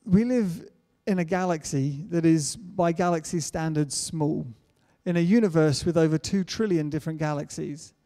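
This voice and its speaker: A man's voice: fairly high pitch, normal speed, warm tone. A man preaching a sermon in an earnest way, building to emphatic declarations. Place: church hall. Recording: church hall reverb.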